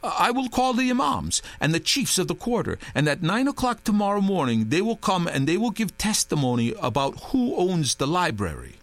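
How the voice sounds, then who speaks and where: A man's voice: sits high, wildly swooping pitch, normal speed, few pauses, no room sound, pitched above the performer's own voice, heavily acted. A man voicing a nervous male manuscript keeper who stammers and pleads as he explains himself, in a dry, close audiobook reading. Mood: insistent.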